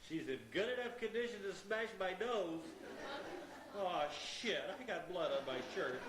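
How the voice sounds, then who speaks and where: A man's voice: sits high, lively intonation, a little slow. Guy playing a shaken-up politician, groany, crowd noise, echoey stage. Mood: dismayed. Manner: dismayed, groaning. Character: rattled politician with a bloodied nose. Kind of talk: live stage acting. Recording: echoey stage recording with audience.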